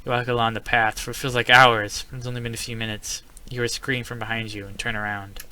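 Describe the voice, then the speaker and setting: Man, casual gamer type, bright and sharp voice, reads game text aloud and reacts with excited yelps. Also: mid-range voice, quick pace, smooth. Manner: reads story text aloud, then breaks into startled exclamations. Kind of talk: casual let's-play narration.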